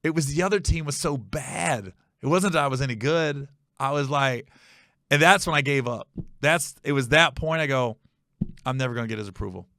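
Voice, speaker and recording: A comedian telling a comic story on his podcast in an animated, wry, profane way. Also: a little high, moderate pace, no echo, clean studio sound.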